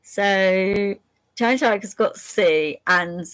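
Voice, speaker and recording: A woman hosting a live angel card reading, chatty and laughing often as she speaks straight to her viewers. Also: medium pitch. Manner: repeats options slowly and gently.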